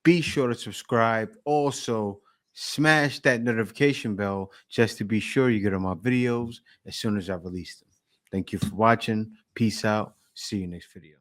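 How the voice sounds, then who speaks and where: A man's voice: on the low side, normal speed, a bit bright, no echo, studio quality. A man co-hosting a casual chat, laid-back and agreeable, who also signs off the channel's video. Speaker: co-host and channel owner.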